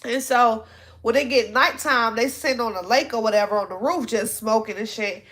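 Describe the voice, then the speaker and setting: A young woman in casual chat, recapping a TV episode as an animated, laughing storyteller with lots of slang. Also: fairly high pitch, normal speed. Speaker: podcast host recapping a TV show.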